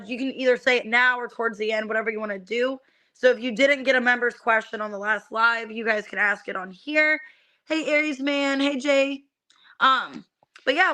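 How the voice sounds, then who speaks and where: A woman's voice: on the high side, pushed and bright. A young adult woman reading tarot on a live stream, chatting casually with many fillers and greeting viewers by name.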